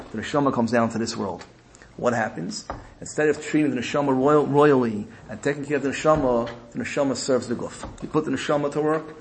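A man's voice: mid-range voice, creaky, a little hiss or hum, rough recording. A man giving a sermon, retelling a parable in a storytelling manner with repetition and rising emphasis. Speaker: religious speaker.

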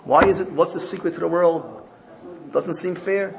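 A man's voice: fairly high pitch, moderate pace, vocal fry, a crowd in the background, low-quality recording. A man teaching a Torah class, telling a parable. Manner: animated storyteller, voices characters in the parable. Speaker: rabbi.

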